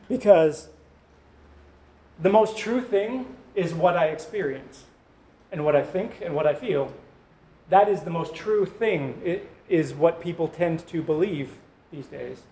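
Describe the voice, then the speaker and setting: A man's voice: sits high, a little mellow. A male pastor preaching a sermon in a conversational way, with joking asides to the congregation.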